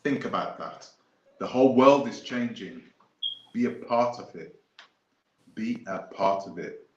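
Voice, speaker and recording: A man's voice: medium pitch, a little slow, roomy sound, muffled recording. A man hosting a live stream, talking casually and emphatically, repeating his points as he goes off on tangents. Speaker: host.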